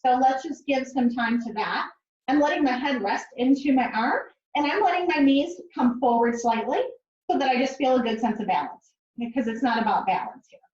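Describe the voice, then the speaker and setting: High-voiced woman counting pilates cues. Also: fairly quick, a little mellow. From Netherlands. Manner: rhythmic counting cues, chatty asides. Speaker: pilates instructor. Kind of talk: cueing a mat class. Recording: roomy, distant, dull sound.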